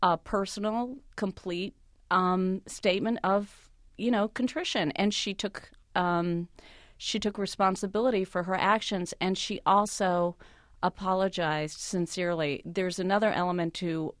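A woman advice columnist, a guest on a radio talk show, giving confident advice in a relaxed way. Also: mid-range voice, measured pace, dry recording, studio quality. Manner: confident, advising, with easy laughter.

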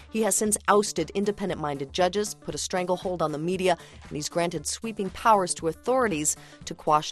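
A woman reading the headlines on a radio news show, with a steady and formal delivery. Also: lowish voice. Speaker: newsreader.

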